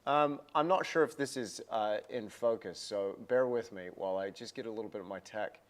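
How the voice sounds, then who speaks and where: A man's voice: fairly low pitch, fairly quick. A man hosting a casual painting livestream, chatty and upbeat, often repeating words, with a self-deprecating manner.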